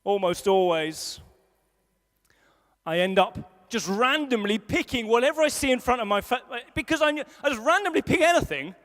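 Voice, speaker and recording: A man's voice: very high-pitched, expressive, moderate pace, fairly bright tone. A man preaching a sermon, telling a self-deprecating story and acting out a grumpy mutter and his wife's fussing. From England. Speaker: pastor. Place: large school hall. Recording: long hall reverb.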